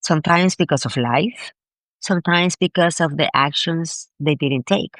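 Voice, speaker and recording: A woman being interviewed as a grief expert, telling a personal story in an animated, emphatic way and often repeating words. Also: sits low, moderate pace, no echo. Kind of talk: conversational storytelling.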